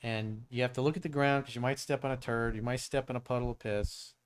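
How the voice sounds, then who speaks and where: A man's voice: medium pitch, fairly even intonation, fast talker, smooth. A middle-aged man from South Florida hosting a casual live-stream Q&A, answering questions bluntly with plenty of swearing and stories. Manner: blunt, profane, storytelling. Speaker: dating coach and show host.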